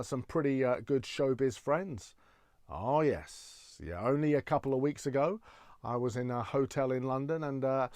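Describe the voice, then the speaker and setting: A man's voice: mid-range voice, a little mellow, no echo. Male stand-up impressionist, chatty and self-deprecating, dry close sound. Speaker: impressionist comedian. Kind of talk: stand-up comedy set.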